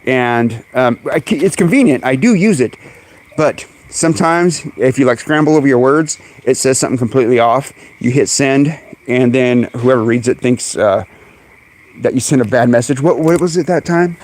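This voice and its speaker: A man hosting a casual live stream outdoors among his birds, chatting away and calling to them in high coaxing tones, recorded on a phone. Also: normal speed, darkish tone. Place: outdoors in a bird yard on a sunny day. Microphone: phone camera.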